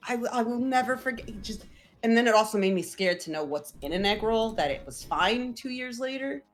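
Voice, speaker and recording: Young woman chatting, bit high voice, animated storyteller who keeps doing her parents' voices, faint music behind. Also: fairly quick. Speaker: vtuber host. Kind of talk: casual chat.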